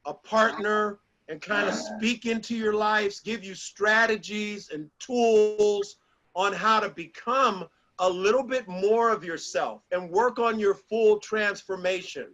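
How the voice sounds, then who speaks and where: This middle-aged speaker addresses a small group in a high, bright voice, unhurriedly telling animated motivational stories and acting out quotes. The high frequencies of the recording are cut off.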